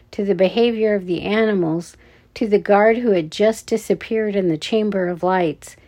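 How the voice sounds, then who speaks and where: A woman reading a children's adventure story aloud, with deliberate, measured narration. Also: medium pitch, warm tone.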